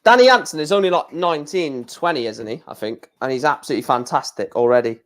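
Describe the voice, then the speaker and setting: A man's voice: on the high side, fast, a bit bright. A man hosting a live darts watchalong, calling out scores in short bursts between chatty asides. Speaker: stream host.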